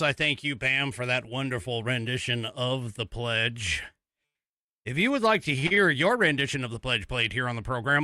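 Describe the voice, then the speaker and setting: A man's voice: medium pitch, pushed and bright, dry recording, clean studio sound. A man from the United States hosting a live podcast, talking in a rambling, chatty way with lots of fillers and restarts. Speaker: host. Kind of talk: live-stream podcast talk.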